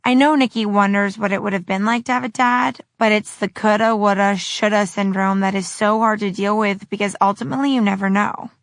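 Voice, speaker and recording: A woman reading a personal account for an audiobook in a reflective, measured way. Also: mid-range voice, steady tone, no echo. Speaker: audiobook narrator.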